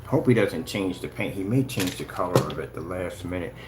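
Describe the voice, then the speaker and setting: A man's voice: deep voice, expressive, brisk, very noisy. A man giving casual, taunting livestream commentary, full of sing-song mockery. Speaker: channel host.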